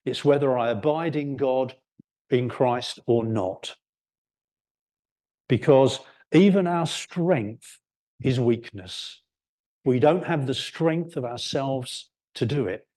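A man preaching a sermon, explaining scripture in an unhurried way and lifting his voice on key words. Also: medium pitch, warm tone. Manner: unhurried expository preaching, rising for emphasis.

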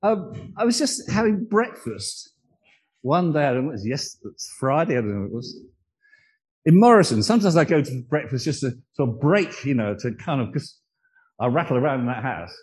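A man's voice: mid-range voice, sing-song, fairly quick, darkish tone, breathy edge, poor audio. A man preaching a sermon, earnest and emotional, telling personal stories.

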